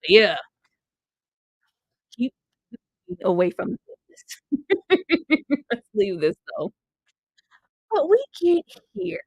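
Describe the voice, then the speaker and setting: A woman's voice: a little high, big pitch swings, extremely slow, pauses often, no echo, muffled recording. A woman reviewing a TV series in a casual chat, playful and teasing, laughing often and apologizing between remarks.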